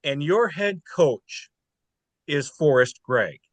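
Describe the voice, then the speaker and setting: A man's voice: fairly high pitch, slow pace. A man hosting a podcast, asking a former player questions in an interview. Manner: prompting, lively questioning. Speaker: podcast host.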